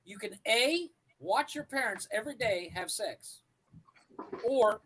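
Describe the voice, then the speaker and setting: A man co-hosting a comedy podcast, posing questions haltingly and stumbling over his wording. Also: sits high, animated, fairly bright tone, a little hiss or hum, rough recording. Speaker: podcast co-host. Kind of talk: casual chat, posing questions.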